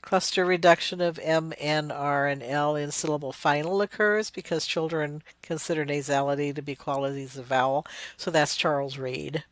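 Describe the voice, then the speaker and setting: A woman lecturer explaining spelling development, sounding out words slowly to demonstrate. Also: deep voice, steady tone, no room sound. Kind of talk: recorded lecture.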